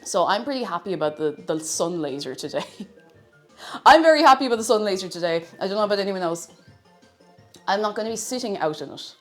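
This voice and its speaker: A woman's voice: medium pitch, animated, a little fast, faint music behind. Bubbly woman chatting on stream. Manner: bubbly, chatty, greets chat by name. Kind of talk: casual live-stream chat.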